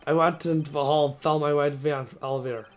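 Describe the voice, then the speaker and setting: A man's voice: fairly high pitch, steady tone, fast, close to an everyday voice. A man doing a ruthless old prosecutor, snarling. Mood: bitter recounting. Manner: snarling, vengeful threats. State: hoarse. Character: older male prosecutor, ruthless and proud.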